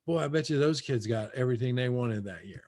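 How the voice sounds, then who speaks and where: Appearing as a guest real estate coach over a video call from his own house, a man gives a punchy, repetitive motivational talk. His voice is medium-pitched with a darkish tone, and he speaks a little fast.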